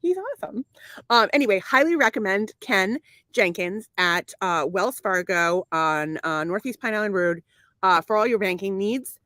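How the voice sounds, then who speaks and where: A woman's voice: mid-range voice, moderate pace, no echo. A middle-aged woman co-hosting a casual podcast, telling stories with lots of animation. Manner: animated storyteller, slips into mock formal voices. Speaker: podcast co-host. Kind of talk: casual chat.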